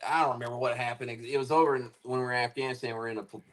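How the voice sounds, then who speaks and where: A man's voice: medium pitch, steady tone, racing. A man guesting on a casual chat, telling stories in a laid-back way and swearing casually. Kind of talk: casual banter.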